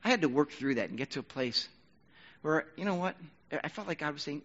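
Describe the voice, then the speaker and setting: A man preaching a sermon as pastor, talking conversationally and rising to loud, emphatic bursts. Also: on the high side, expressive, fairly quick, lo-fi sound.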